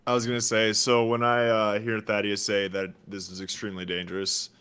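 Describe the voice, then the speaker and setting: Man, low monotone, sharp tone, dry tabletop player. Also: a little fast, clear, resonant tone. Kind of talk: casual tabletop game chat.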